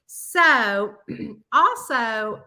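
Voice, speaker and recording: A middle-aged woman from the American South hosts a casual chat with her audience, telling a long story full of quoted voices in her Southern accent. Her voice is a little high, expressive and bright, with a forceful tone and drawn-out words.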